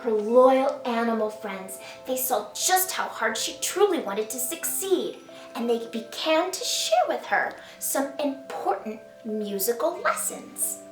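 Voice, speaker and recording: Slow high-voiced woman reading storytime. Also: sing-song, roomy sound, recorded from a distance, soft background music. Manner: slow, sing-song and playful, invites kids to join in. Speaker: children's author reading her picture book. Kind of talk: storytime read-aloud for children.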